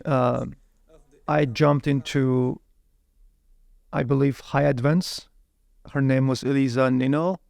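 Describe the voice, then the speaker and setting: A man telling his life story as an interview guest, animated, often repeating words while he searches for the next one. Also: medium pitch, slow, gravelly, long pauses, dry recording. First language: Uyghur.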